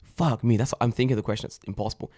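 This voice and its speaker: A man co-hosting a podcast, telling stories in a loose, animated way and swearing often. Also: medium pitch, very fast. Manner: animated storyteller, swears a lot. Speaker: podcast co-host. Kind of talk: casual chat.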